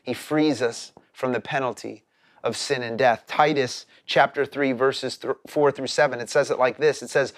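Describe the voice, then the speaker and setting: A man's voice: medium pitch, steady tone, moderate pace, dry recording, studio quality. A man preaching a sermon as a pastor, earnest and explanatory, often repeating words as he starts a phrase.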